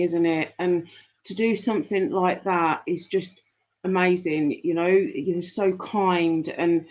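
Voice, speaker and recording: Reading chat messages on her live stream, a woman talks to viewers in a warm, casual way, rambling and using fillers. She has a fairly low, slightly mellow voice, and the audio quality is poor.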